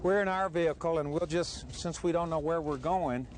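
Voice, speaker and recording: A man hosting a travel show outdoors on a high mountain trail, breathless from the altitude and full of wonder, asking many questions. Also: moderate pace, slight background noise.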